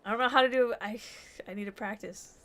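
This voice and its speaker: A woman's voice: on the high side, fast talker, fairly bright tone. A woman game streamer chatting casually, chatty and self-mocking as she plays.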